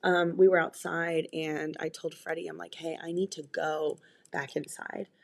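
A woman's voice: low-pitched, little pitch movement, normal speed, creaky. A young adult woman co-hosting a casual podcast, talking candidly and earnestly, often restarting her sentences. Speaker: podcast co-host. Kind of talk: casual chat.

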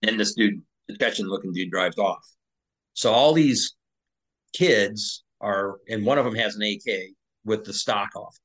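A man's voice: fairly low pitch, a little slow, fairly bright tone, rough recording. A former Navy SEAL, a man, telling a war story as a podcast guest in a loose, conversational way, with fillers and restarts.

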